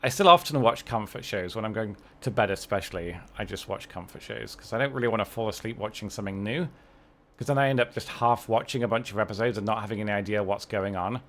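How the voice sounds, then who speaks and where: A man's voice: lowish voice, fast talker, a bit bright. A young adult man chatting casually and wryly on a livestream while playing a game, often restarting his sentences. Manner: rambling, self-correcting, wry. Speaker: streamer.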